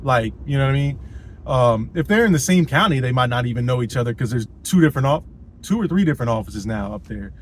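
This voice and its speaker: A man's voice: medium pitch, lively intonation, fast talker, slight background noise, rough recording. A man telling a personal story in a casual vlog, rambling and swearing, with lots of fillers and "you know what I mean.".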